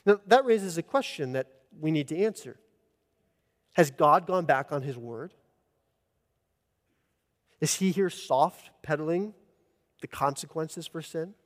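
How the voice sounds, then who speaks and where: A man's voice: fairly high pitch, expressive, measured pace, pauses often. A man preaching an earnest expository sermon as pastor, rising in emphasis at key points. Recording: long church reverb.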